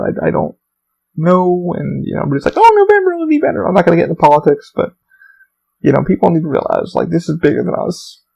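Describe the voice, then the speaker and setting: A man's voice: on the high side, gravelly, a little mellow, low-quality recording. A man hosting a podcast, telling work stories in a rambling, profane, casual monologue. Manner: profane, storytelling, rambling with restarts. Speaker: podcast host; theme park employee.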